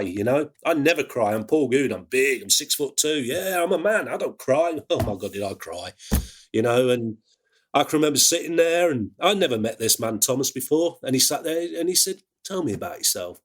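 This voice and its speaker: A man with an English accent, an ambulance worker telling a personal story in a halting way, with many restarts. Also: medium pitch. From England. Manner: halting, full of fillers and restarts.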